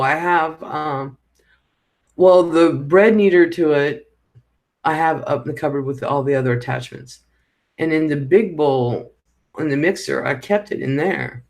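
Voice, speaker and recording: Slow-talking new guy rambling on a live chat, cusses when he gets worked up. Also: fairly high pitch. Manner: rambling, chatty, swears when annoyed. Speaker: live stream host. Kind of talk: casual live chat reading viewer comments.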